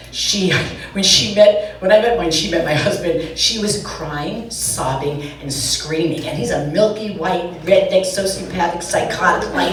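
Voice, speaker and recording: Brash bawdy comedienne from Brooklyn, live club with an audience. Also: female voice, fairly high pitch, recorded from a distance. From Brooklyn, USA. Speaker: stand-up comedian. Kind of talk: stand-up comedy. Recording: echoey club from afar, audience.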